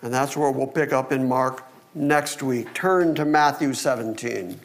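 A middle-aged man preaching a sermon and reading Bible passages aloud, animated and acting out the people in the story. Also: medium pitch, unhurried, slight background noise. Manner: animated, acts out the disciples. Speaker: pastor.

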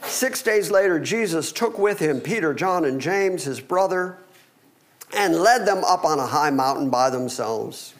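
A middle-aged man preaching a sermon and reading Bible passages aloud, animated and acting out the people in the story. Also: on the high side, a little slow. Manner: animated, acts out the disciples. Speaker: pastor.

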